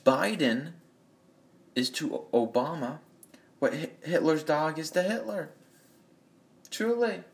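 A man putting on an impression of a deadpan older male comedian, recorded on a phone, with a dry, insistent delivery. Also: on the high side, takes it slowly, gravelly, pauses often, recorded from a distance, pitched above the performer's own voice.

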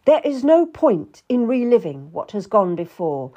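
A woman's voice: fairly high pitch, very animated, a little slow, warm tone. A woman voicing a stern, impatient middle-aged duke who talks in a brusque, dismissive way. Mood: curt.

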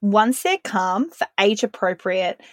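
A woman, hosting a podcast and calmly explaining her views on parenting through everyday examples. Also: medium pitch, measured pace, no echo, clean studio sound. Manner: calm, earnest, explaining with analogies. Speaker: podcast host.

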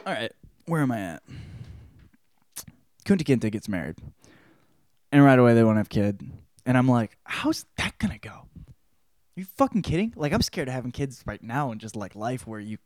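A man's voice: medium pitch, animated, normal speed, pauses often, a little mellow, no echo, studio quality. A man hosting a podcast, giving a casual spoken book report in a rambling, joking way with lots of swearing. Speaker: podcast host.

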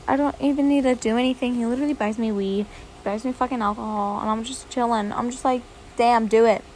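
A woman's voice: a little high, a little hiss or hum. A young woman hosting her own podcast, rambling and swearing a lot in a dramatic, casual chat. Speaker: podcast host.

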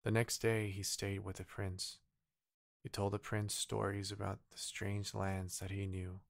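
Man, slow bedtime story reading, gravelly low voice, soft and unhurried, Korean native speaker, dry close sound. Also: completely flat delivery, no room sound. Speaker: narrator.

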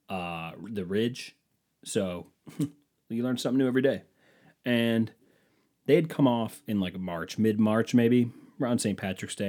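Low-voiced man ranting sardonically. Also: darkish tone. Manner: sardonic, profane storytelling with mocking put-on voices. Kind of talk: casual monologue.

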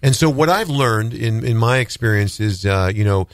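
A male radio host with a somewhat low voice tells a story in an easy, conversational way. He is recorded close and dry, with no room echo. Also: expressive, normal speed. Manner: warmly encouraging, brief affirmations. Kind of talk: casual radio interview.

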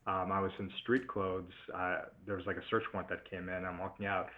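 Laid-back man, lowish voice, dull audio. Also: fairly quick. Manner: relaxed, laughs often while storytelling. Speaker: podcast co-host, former prosecutor. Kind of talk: casual podcast conversation.

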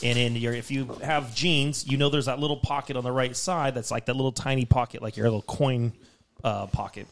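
A man's voice: mid-range voice, fairly quick, a little hiss or hum. A man telling a long story as a podcast co-host, swearing and acting out the voices of the people in it. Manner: animated, swearing, acts out quoted voices. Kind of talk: casual storytelling.

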